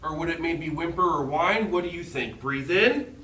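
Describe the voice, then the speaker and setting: A man with a high, bright voice guides children through a yoga lesson at an unhurried pace. He sounds gentle, encouraging and playful. His voice comes from some distance away, in an echoey room. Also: fairly even intonation. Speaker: kids yoga instructor.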